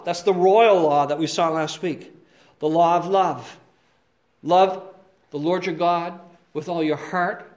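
High-voiced male preacher, earnest and emphatic. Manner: earnest, emphatic, asks the listeners to check in often; swings between soft asides and loud stressed points. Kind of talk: expository sermon.

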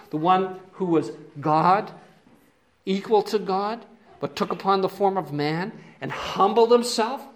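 Male preacher, high voice, earnest, emphatic, sermon delivery that shifts between soft asides and loud stressed points. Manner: earnest, emphatic, asks the listeners to check in often. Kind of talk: expository sermon.

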